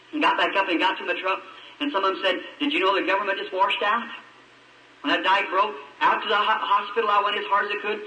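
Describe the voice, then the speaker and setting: A man preaches with fervent conviction, turning his sermon into a gripping personal story. His voice sits high and rings bright and sharp. The old archive recording catches him from across an echoing hall. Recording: echoey old archive recording from a distant mic.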